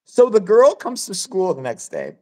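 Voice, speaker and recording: Animated, foul-mouthed woman telling stories. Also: medium pitch, normal speed. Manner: crude, blunt and animated, swears freely. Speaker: podcast host. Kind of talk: casual storytelling chat.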